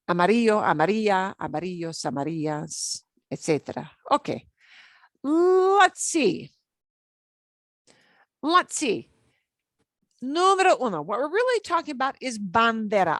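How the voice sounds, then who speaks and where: Casting note: woman Spanish teacher, patient and animated, lively pitch, dry close sound. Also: no room sound. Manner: patient, explains step by step, switches between English and Spanish; animated, light laughs. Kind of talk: beginner language class.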